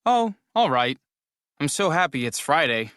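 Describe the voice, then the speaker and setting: A weary young game tester, complaining, animated pitch; scripted course dialogue. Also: male voice, a little slow, clean tone, no room sound, studio quality. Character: young man tired of his game-testing job.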